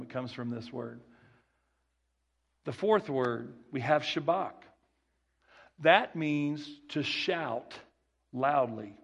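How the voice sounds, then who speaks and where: Gravelly Southern country preacher. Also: male voice, medium pitch. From rural Texas. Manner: folksy, repeats key phrases, restarts often. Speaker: guest preacher. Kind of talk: sermon.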